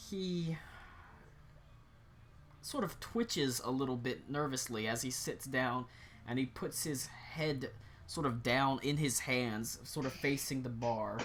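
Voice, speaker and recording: Man, game master, rambling narration, bright voice, frequent fillers. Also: medium pitch.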